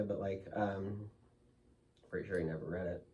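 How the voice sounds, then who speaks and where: Man, interview guest, candid storytelling, emotional, rather low pitch, mellow tone. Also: fairly even intonation, moderate pace, recorded from a distance, muffled recording. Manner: emotional, candid, loose with fillers like "like" and "you know".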